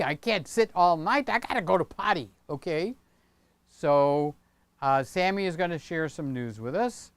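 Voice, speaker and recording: A man's voice: fairly high pitch, lively intonation, measured pace, no room sound. An older man hosting a casual livestream from his home studio, rambling and chatty, often tagging on "okay?". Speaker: channel host. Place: home studio room with set pieces.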